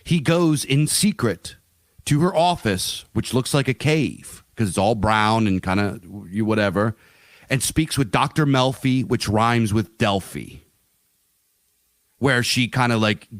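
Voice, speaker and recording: A man's voice: lowish voice, lively intonation, measured pace, no room sound, clean studio sound. A middle-aged man co-hosting a podcast in casual chat, rambling and swearing with many fillers and restarts. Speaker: podcast co-host.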